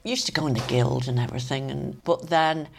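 An older woman with a Manx accent, a lively storyteller who laughs often, reminiscing in a conversation. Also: rumbling low, a little fast, vocal fry. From Isle of Man. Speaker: interviewee.

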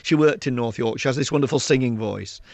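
A man's voice: medium pitch, fast talker, creaky, a little mellow, dry recording. A man, an author and public speaker, telling anecdotes in an interview and mimicking the people in his stories.

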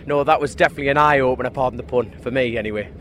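A man's voice: medium pitch, very fast, crowd noise. A man who races motorcycles talks after practice in a cheeky, joking way, laughing as he tells stories. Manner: cheeky, jokey, laughing storyteller. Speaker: motorcycle racer. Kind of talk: post-practice interview. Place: outdoors at a race paddock.

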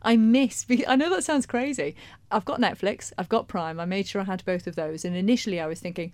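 A woman co-hosting a radio chat show, talking quickly and animatedly, acting out her own thoughts. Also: mid-range voice, lively intonation, a little mellow, no room sound. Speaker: radio co-presenter. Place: radio studio.

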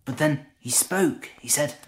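A man's voice: fairly high pitch, measured pace, lightly acted. An actor playing a humble male shepherd recalling a night by the fire, in a conversational, hesitant, marvelling way. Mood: reflective. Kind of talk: dramatic monologue.

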